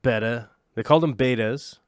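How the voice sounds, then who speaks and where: Guy pushing forty rambling about fish tanks on his stream, jokey, smooth voice, dry sound. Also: mid-range voice, a little slow, no echo. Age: late 30s. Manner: rambling, jokey, chats with viewers. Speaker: aquarium livestream host. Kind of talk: casual livestream chat.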